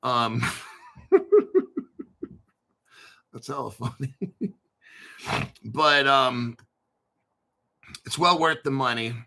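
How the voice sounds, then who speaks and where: A man's voice: medium pitch, drawn-out words, gravelly, long pauses, pushed and bright. A man hosting a crypto channel, talking casually off the cuff in a blunt, boastful way full of swearing. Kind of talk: casual unscripted livestream talk.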